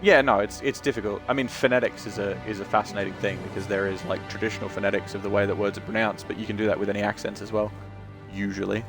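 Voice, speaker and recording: A man's voice: lowish voice, fairly even intonation, fast talker, music in the background. A man chatting casually on his game stream, sweary and talkative. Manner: chatty, sweary, talks about accents.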